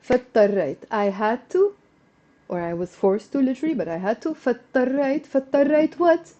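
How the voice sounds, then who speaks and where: A woman teaching a live online language lesson, slowing down and repeating words so her students can follow, then coaxing them to answer. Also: fairly high pitch, sing-song, warm tone, muffled recording. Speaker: Arabic teacher.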